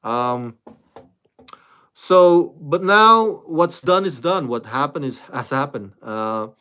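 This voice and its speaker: Animated man with a fairly high voice. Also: slow, clear, resonant tone. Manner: animated, laughing, many fillers and restarts. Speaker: YouTube reaction host. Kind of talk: casual commentary to camera.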